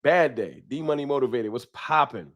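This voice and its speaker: Animated and medium-pitched, a man hosts a casual home live stream at a moderate pace, a sign visible on the wall behind him. He greets his viewers by name in loose slang, speaking through a desk microphone.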